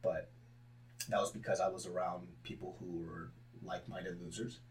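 A young man talking candidly in a casual interview, swearing freely and breaking into loud laughs as he tells stories about himself. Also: low-pitched, flat delivery, moderate pace, a little hiss or hum. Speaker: podcast guest, comedian.

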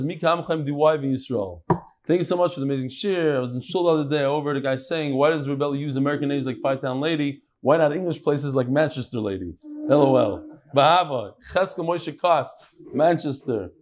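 Slightly high-voiced man reading messages to a class. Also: fairly quick. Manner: reads messages aloud with asides, Yiddish and Hebrew terms. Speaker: Talmud class teacher reading listener messages. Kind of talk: casual talk to a live class.

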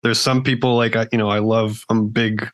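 A man in casual conversation on a podcast, talking in a relaxed, easygoing way and thinking out loud. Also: on the low side, brisk, no room sound. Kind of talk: casual chat.

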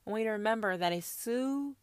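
A woman hosting a profane, confrontational monologue, preaching hard at her listeners and swinging between shouts and hushed whispers. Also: a little high, expressive, fast talker, no echo, studio quality. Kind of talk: ranting monologue.

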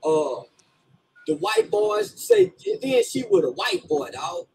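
A man's voice: very high-pitched, wildly swooping pitch, takes it slowly, gravelly, darkish tone, a little hiss or hum, poor audio. A man ranting profanely and comically, laughing and half-crying through his words. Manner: rants, laughing as he talks. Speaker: commentator in a played clip.

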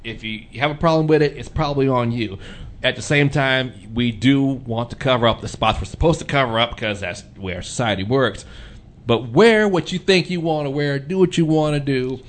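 A radio show host telling a story in casual chat, animated and acting out the people in it. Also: male voice, mid-range voice, normal speed. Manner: animated, acts out quoted people, laughs often.

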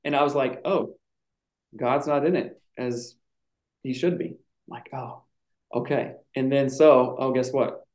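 A man's voice: medium pitch, steady tone, a little slow, darkish tone. A man telling a personal story in casual chat, reflective and emotional at times. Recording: echoey room.

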